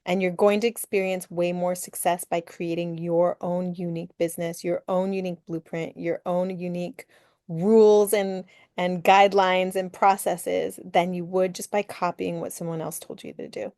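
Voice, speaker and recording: A woman's voice: fairly low pitch, level tone, normal speed, a little mellow, dry recording, studio quality. A woman business coach as a guest, earnestly explaining her work with many fillers.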